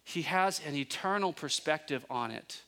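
A man preaching a sermon, asking his listeners questions and building to emphatic peaks, with relaxed conversational asides. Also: fairly high pitch, moderate pace. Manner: conversational asides, self-correcting. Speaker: pastor.

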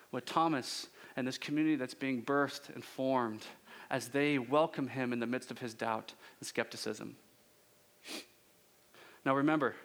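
A male pastor preaching a conversational sermon with rhetorical questions and drawn-out pauses. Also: a little high, a bit bright.

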